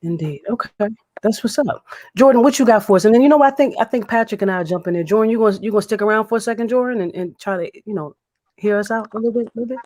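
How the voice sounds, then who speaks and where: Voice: medium pitch, rapid-fire, a little mellow. A laid-back host of an online open mic, chatting casually between poems and repeating words like "indeed" and "dope". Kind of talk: casual chat.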